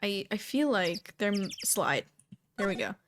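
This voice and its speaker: A woman's voice: mid-range voice, expressive, a little slow, fairly bright tone, a little hiss or hum. Playful woman streaming a game. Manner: giggly, playful. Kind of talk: casual game commentary.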